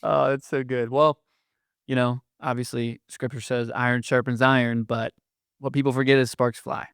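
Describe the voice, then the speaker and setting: A man with a gravelly, creaky voice co-hosts a podcast conversation. He asks questions thoughtfully, pausing and hesitating as he works out what he wants to say. The recording is dry and close. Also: medium pitch, flat delivery, a bit bright, no echo. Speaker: podcast co-host.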